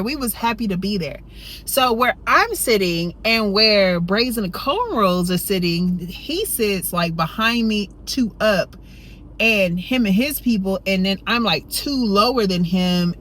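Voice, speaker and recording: A woman casually telling a storytime tale, chatty and rambling, often tucking in "you know" and "right?". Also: a little hiss or hum. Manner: jumps high and loud when acting out her younger self. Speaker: storytime vlogger.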